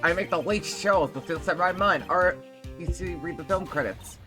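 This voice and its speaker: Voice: mid-range voice, moderate pace, music in the background, pitched above the performer's own voice, natural voice. A streamer voicing a pompous, self-important young male director from a game, read aloud in a raised, emphatic way. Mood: indignant.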